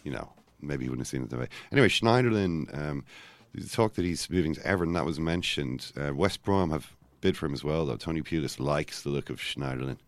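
A man co-hosting a casual football podcast, talking in rambling, self-interrupting runs with animated asides. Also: very deep voice, brisk, few pauses, no room sound. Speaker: podcast co-host.

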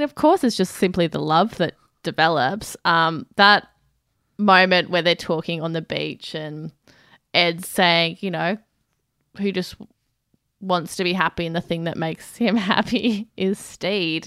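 Female podcast co-host, chatty and giggly; lower pitch, dry close recording. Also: a bit bright, clean tone, dry recording. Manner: chatty, giggly, quick to agree. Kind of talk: casual TV review chat.

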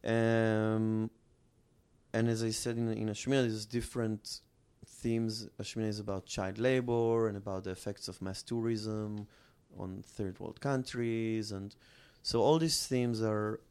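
A man's voice: lowish voice, steady tone, darkish tone, clean tone. A man from Israel, a film director, talking earnestly about his work in an interview, often restarting his sentences. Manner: earnest, halting with many restarts. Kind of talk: interview conversation.

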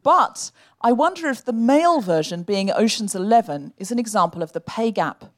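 Woman cohost on a comedy podcast, kinda high voice, dry wordy jokes. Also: expressive, normal speed. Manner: wry, riffs in long elaborate sentences. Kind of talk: comedic chat before a live audience.

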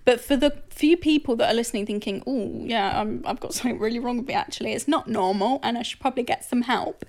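A woman's voice: fairly high pitch, fast, darkish tone. A woman in her twenties co-hosting a podcast, talking candidly and often laughing through confessional chat. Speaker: podcast co-host. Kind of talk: casual chat.

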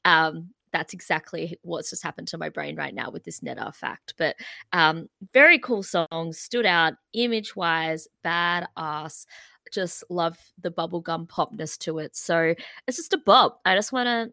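Gravelly-voiced woman podcaster. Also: lowish voice, normal speed, sharp tone, dry recording. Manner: chatty, bubbly, many fillers. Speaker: podcast co-host. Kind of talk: casual music podcast chat.

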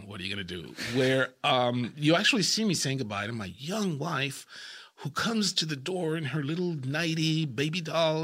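A middle-aged man with a bright, forward voice, chatting as a guest on an interview show. He tells his stories in a lively way and slips into little performances of the people he quotes. He speaks close to a studio mic. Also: mid-range voice. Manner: animated raconteur who acts out quoted lines. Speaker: actor and guest. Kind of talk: casual interview storytelling.

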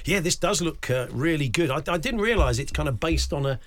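A man's voice: fairly high pitch, expressive, a little fast, a bit bright. A man hosting a studio interview, asking questions in a friendly, conversational way. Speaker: show host.

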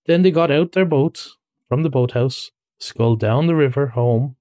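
A man's voice: mid-range voice, moderate pace, dark tone, no room sound. Man reading a storybook, dry and close. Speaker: reader. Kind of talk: audiobook-style storybook narration.

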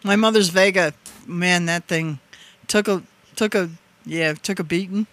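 A woman with a Wisconsin accent co-hosts a music show in easy banter. She laughs often, and her voice has a bright, forceful edge. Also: on the low side, unhurried. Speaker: co-host. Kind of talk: casual radio show chat.

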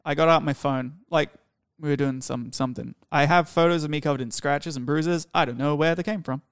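A young man recounts a personal story in a rambling, candid way, swearing freely. His voice is smooth and resonant, and the sound is close and dry with no room echo. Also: fairly high pitch, fairly quick. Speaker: podcast guest storyteller.

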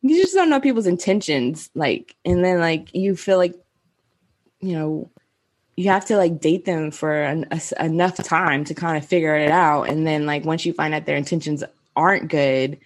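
A woman in her thirties chatting on a casual podcast with a lower pitch than most women. She rambles, leaning on "like" and laughing often as she talks. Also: moderate pace. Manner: rambling, heavy "like" filler, frequent laughter. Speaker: podcast co-host. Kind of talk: casual chat.

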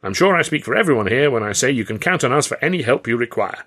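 A man voicing an eager male performer who gushes with earnest flattery. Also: mid-range voice, fast talker. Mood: flattering. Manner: earnest, gushing.

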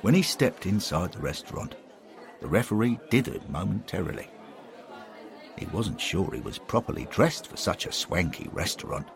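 A man narrating a scripted comic story in a wry, expressive way. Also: deep voice, normal speed, creaky, some chatter behind.

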